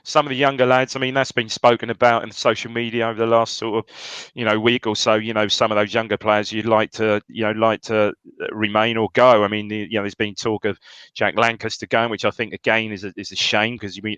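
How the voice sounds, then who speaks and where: A man's voice: lowish voice, flat delivery, fairly quick, fairly bright tone, clear, resonant tone, no room sound. A man co-hosting a casual football podcast, rambling with many restarts and fillers. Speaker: podcast co-host. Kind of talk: casual chat.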